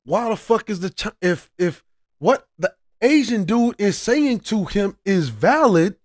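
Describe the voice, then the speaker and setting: A man's voice: sits high, very animated, a little slow, darkish tone, no echo, studio quality. A man giving casual reaction commentary as a channel host, heated and profane, often restarting his sentences.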